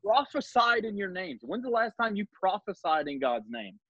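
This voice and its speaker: A man's voice: high voice, very animated, moderate pace, a bit bright, breathy edge, no room sound, muffled recording. A man hosting a podcast who leads a Bible study conversation, reading scripture aloud and making his points with earnest emphasis. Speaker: podcast host.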